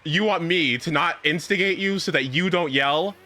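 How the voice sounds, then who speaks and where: A man's voice: on the high side, moderate pace, bright, forceful tone. A man streaming a game, chatting casually with a friend over voice chat, stammering, laughing and teasing with frequent swearing.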